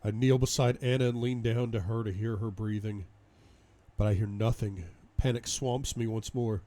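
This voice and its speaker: A man's voice: on the low side, fairly even intonation, moderate pace, warm tone. A man reading a first-person audiobook in an intense, dramatic way. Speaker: audiobook reader.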